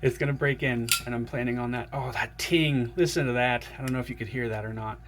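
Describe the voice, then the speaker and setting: Guy unboxing stuff for his vlog, super excited, keeps gushing to the viewers, bit of noise in the background. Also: medium pitch, quick pace. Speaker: knife collector vlogger.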